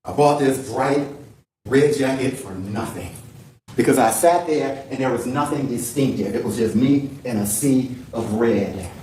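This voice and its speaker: A man from New Orleans giving a loud, emotional closing argument as a defense attorney, building rhetorical lists. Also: mid-range voice, unhurried, a little hiss or hum. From New Orleans, USA. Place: large courtroom. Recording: echoey distant courtroom feed.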